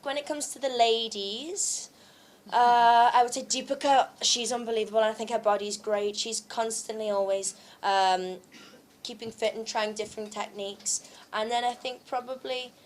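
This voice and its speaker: A woman's voice: a little high, steady tone, moderate pace. A young woman from the UK, an actress answering press questions at a launch, a little unwell from travel, chatty with many fillers and frequent laughs. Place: press event.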